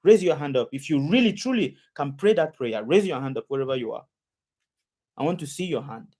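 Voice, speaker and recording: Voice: medium pitch, animated, fairly quick, mellow. A preacher delivering a sermon, repeating phrases and asking the audience questions again and again.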